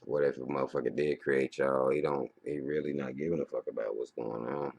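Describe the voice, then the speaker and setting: A man in his thirties giving a profane, rambling casual monologue as a vlogger, breaking into loud animated outbursts. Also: very deep voice, brisk, creaky. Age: 30s.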